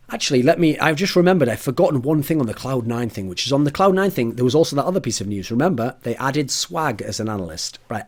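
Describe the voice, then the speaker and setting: A man's voice: medium pitch, a little mellow. A man giving an opinion monologue as an esports commentator, blunt and casual, with swearing and rambling asides.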